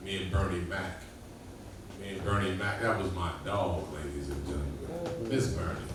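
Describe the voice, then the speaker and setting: A man telling profane stand-up stories in a loose, rambling manner, on stage at a comedy club. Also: sits low. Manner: profane, loose storytelling with acted-out quotes. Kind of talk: stand-up storytelling. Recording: echoey, distant room mic with ambient noise.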